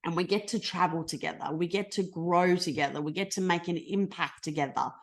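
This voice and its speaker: A middle-aged woman with an Australian accent, leading a motivational team call in a bubbly, effusive, casual way, swinging between fast and slow. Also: on the low side, gravelly. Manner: speeds up and slows down a lot. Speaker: team leader presenting a business call.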